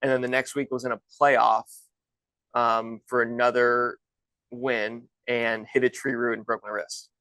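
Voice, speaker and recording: Relaxed guest in his thirties, rambling anecdotes, mid-pitched, dry sound. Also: measured pace, no echo, low-quality recording. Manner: chatty, loose, many restarts and "like". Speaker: guest, golf instructor and former pro golfer. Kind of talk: casual storytelling.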